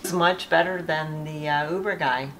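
A middle-aged mother chatting casually while reacting to a music video, blunt and quick to scold. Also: sits low, fairly even intonation, a bit bright, slight background noise. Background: music playing.

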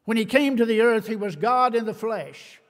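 A man with a notably high voice preaches a sermon, reading scripture in old-fashioned wording. He is emphatic, slowing down to press on key words. His voice rings with the long reverb of a church hall. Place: church sanctuary.

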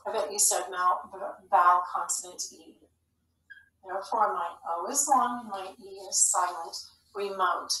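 A woman teaching a phonics lesson to young children, speaking clearly and patiently. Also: mid-range voice, expressive, pushed and bright, a little hiss or hum. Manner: slow, clear, patient instructional delivery. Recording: echoey room, mic at a distance.

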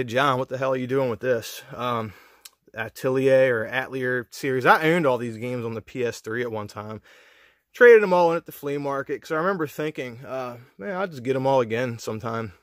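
A man's voice: mid-range voice, a bit bright, no room sound, clean studio sound. A man hosting a retro gaming channel, chatting casually about his video game pickups in a rambling, slangy way. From United States. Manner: rambling, laid-back, slangy with restarts.

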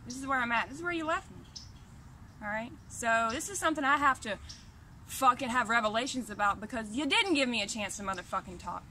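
A woman's voice: a little high, expressive, a little fast, bright, forceful tone, a little hiss or hum. A woman at home, ranting angrily and profanely to her camera in a heated, repetitive, confrontational way. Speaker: vlogger. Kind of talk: angry direct-to-camera rant.

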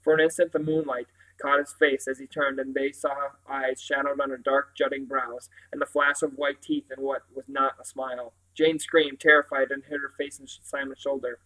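Steady man reading a novel aloud. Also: mid-range voice, moderate pace, few pauses, poor audio. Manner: steady reading with occasional self-corrections. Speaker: reader.

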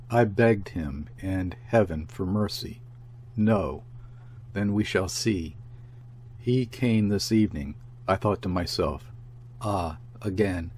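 A man's voice: on the low side, darkish tone, a little hiss or hum. A man voicing a grief-stricken young peasant wife in an audiobook, pouring out bitter words in a rush.

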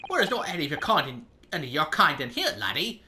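A man putting on a gruff Scottish prison governor. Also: a little high, big pitch swings, quick pace, background noise. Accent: attempted Scottish. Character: gruff middle-aged male Scottish prison governor, hostile and suspicious. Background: game music.

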